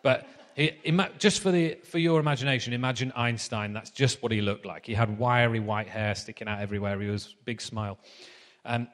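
A man's voice: medium pitch, brisk, fairly bright tone. Guy 30s preaching, chatty and self-mocking, lots of ums, long echo from a big hall. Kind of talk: sermon with anecdotes.

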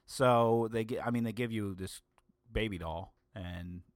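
A man's voice: on the low side, measured pace, dry recording, studio quality. A young adult man hosting a casual solo podcast, rambling and joking at his own expense. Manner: rambling, self-mocking, jokey. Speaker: podcast host.

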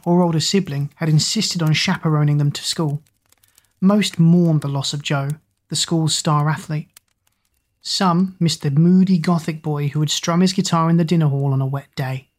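A woman narrating an audiobook in a steady, expressive storytelling manner. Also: deep voice.

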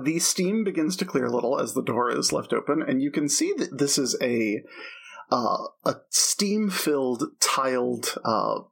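Husky man narrating a tabletop game. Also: medium pitch, fairly bright tone. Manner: hesitant, filler-heavy narration. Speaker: game master.

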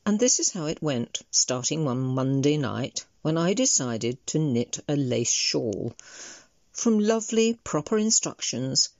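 Woman essayist, deep voice, wry storytelling, dry, dull recording. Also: very animated, a little slow, darkish tone, no echo. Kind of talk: reading a personal essay. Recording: dull lo-fi sound.

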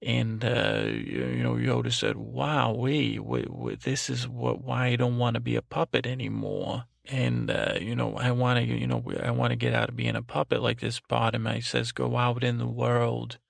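A cranky, suspicious old grandmother, put on by a man in a podcast bit, wanders from one half-thought to the next, trailing off with "I don't know." The voice is deeply gravelly and full of fry, sitting at an ordinary middle pitch. It is recorded close on a bone-dry studio mic with no room sound. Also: normal speed, few pauses, dry recording. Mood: rambling. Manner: meandering, trails off, frequent restarts and "I don't know". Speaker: podcast host. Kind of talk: comic improvised monologue.

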